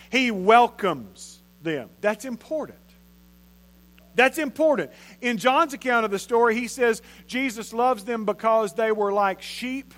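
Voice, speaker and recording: A man's voice: high-pitched, fairly bright tone. A man, preaching a sermon in a conversational way and repeating phrases for emphasis. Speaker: pastor.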